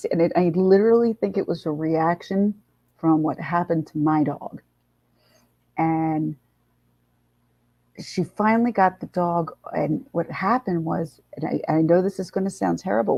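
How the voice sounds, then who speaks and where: A woman's voice: lowish voice, creaky, dark tone, dry recording. A woman hosting a live chat, telling a story in a casual, blunt way and swearing freely. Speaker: livestream host. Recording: dull lo-fi sound.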